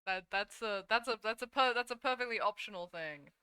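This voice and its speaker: Bright, clear-voiced chatty woman streamer. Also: mid-range voice, fairly quick, dry recording. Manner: chatty, sleepy, yawning, swears casually. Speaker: VTuber streamer. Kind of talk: casual live-stream chat while drawing.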